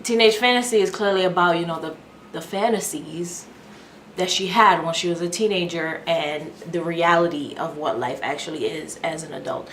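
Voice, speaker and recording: A woman giving a casual reaction review of an album, candid and chatty, thinking out loud as she goes. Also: lowish voice, moderate pace, slight background noise. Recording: echoey room with music playing.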